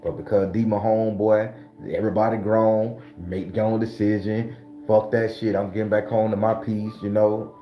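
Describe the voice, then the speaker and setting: A man hosting his own channel, telling a story casually in a profane, animated, streetwise way. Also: lowish voice, moderate pace, echoey room, faint music behind. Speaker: spiritual channel host.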